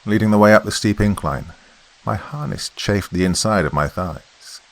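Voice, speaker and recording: A man reading a scripted horror story as podcast narrator, in a measured, steady storytelling manner. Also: fairly low pitch, low-quality recording.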